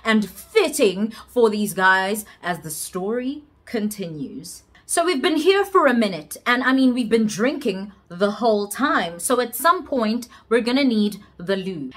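A woman with a South African accent recounts a personal story in a storytime vlog. Her delivery is lively and dramatic, leaning hard on key words. Her voice sits a little above the usual range for a woman. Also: on the high side, a little slow, few pauses. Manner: animated, dramatic, emphatic. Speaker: vlogger telling a personal story.

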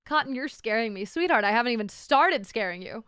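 Bubbly, high-voiced woman streamer. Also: lively intonation, fairly quick, a bit bright, smooth, dry recording, clean studio sound. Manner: bubbly, teasing, crude banter; thanks chat by name between chatter. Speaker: VTuber streamer. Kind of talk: casual live-stream chat.

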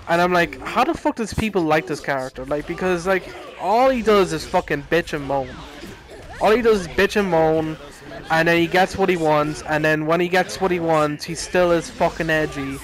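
A man's voice: a little high, normal speed, poor audio. A young man in a casual, heated rant, swearing a lot and rambling with many restarts. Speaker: anime fan ranting.

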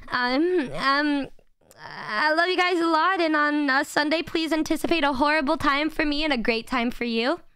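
A woman's voice: high-pitched, normal speed, bright, forceful tone, no room sound, clean studio sound. A woman streamer in casual chat with her viewers, rambling and playfully crude, often stammering and repeating words.

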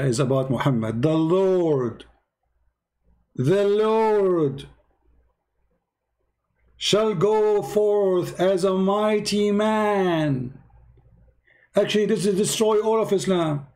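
A man's voice: on the high side, dark tone. A man giving heated, mocking commentary in broken English, scolding and repeating himself. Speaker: host reacting to a video.

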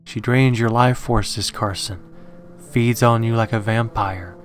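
A man voicing a grave male occult scholar who warns calmly and solemnly in a read-aloud horror story. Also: medium pitch, slow pace, soft background music, natural voice. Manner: calm, solemn warning.

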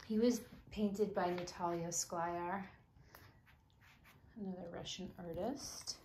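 A woman talks to camera in a relaxed, chatty way, her fairly low voice carrying a gravelly fry. She often slips into soft whispers. A faint background hiss sits under the recording. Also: slow pace. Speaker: doll collector vlogger. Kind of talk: casual chat to camera.

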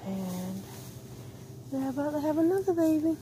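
A woman's voice: high-pitched, very animated, moderate pace. A woman vlogging while shopping, talking to herself in slang and short of breath behind a face mask, recorded on a phone inside a store. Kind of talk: casual shopping vlog. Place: indoors in a discount store. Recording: noisy store background.

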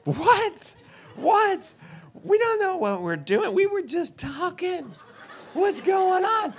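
Shrill, flustered relative in squawking panic, put on by a man, high up. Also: big pitch swings, takes it slowly, heavily acted. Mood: panicked.

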